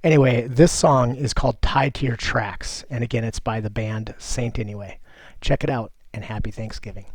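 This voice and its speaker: A man's voice: medium pitch, fairly even intonation, moderate pace. A man co-hosting a podcast in casual, rambling chat, swearing freely and talking at an easy pace. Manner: laid-back, profane, rambling. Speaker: podcast co-host.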